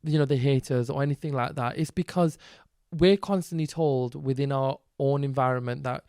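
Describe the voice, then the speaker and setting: A man with a Northern English accent, a guest on a podcast, talking in a lively way and acting out quotes as he tells stories. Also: medium pitch, dry recording, clean studio sound. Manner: animated, quick storytelling with acted quotes. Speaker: guest, content creator and teacher. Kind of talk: casual podcast interview.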